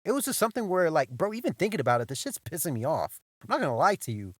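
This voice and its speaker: A young man hosting a podcast, telling a story in a loose, animated way, full of swearing and "bro", circling back and repeating himself. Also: on the high side, fast talker, dry recording, clean studio sound. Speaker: podcast host. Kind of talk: casual storytelling monologue.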